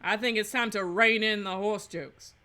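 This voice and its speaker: A woman's voice: mid-range voice, steady tone, normal speed, bright, forceful tone. A woman giving joking, playful commentary while playing a video game. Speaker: let's play host. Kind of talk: casual gameplay commentary.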